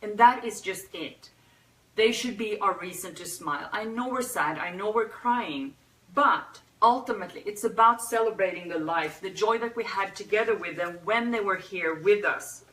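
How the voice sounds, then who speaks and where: Tearful woman in an echoey room. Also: mid-range voice. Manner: tearful, soft-hearted, with pauses and sighs. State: teary. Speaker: host of a pet memorial livestream. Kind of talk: unscripted emotional talk. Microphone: phone or webcam. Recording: roomy echo, a bit far from the mic.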